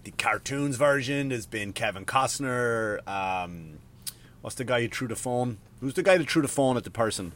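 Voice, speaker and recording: A man, maybe, hosting a podcast in a profane, rambling, animated rant. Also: mid-range voice, normal speed, slight background noise. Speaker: podcast host. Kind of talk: casual ranting monologue.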